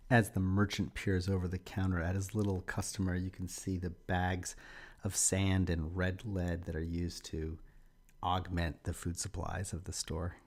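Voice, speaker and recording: A man with a very deep, low voice narrates a recorded lecture over slides. He explains in a measured, steady way, close to the mic. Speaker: instructor.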